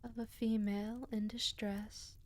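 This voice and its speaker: A woman reading folk tales aloud as a storyteller, in a slow, hushed voice that often drops to a half-whisper. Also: fairly high pitch, little pitch movement.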